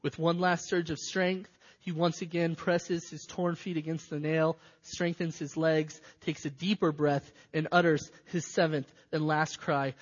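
A man preaching a sermon with dramatic delivery, moving between loud cries and hushed, near-whispered passages. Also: fairly high pitch, little pitch movement, unhurried. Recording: dull sound in a reverberant hall.

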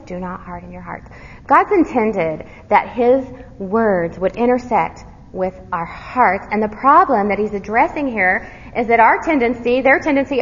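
A woman teaching scripture verse by verse, earnest and direct, pausing to quiz her listeners before answering herself. Her fairly high voice is a little husky, and key words sink soft and low. The sound is dull and trails off in the long reverb of a large hall. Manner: earnest, quizzes listeners with fill-in questions. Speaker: Bible teacher.

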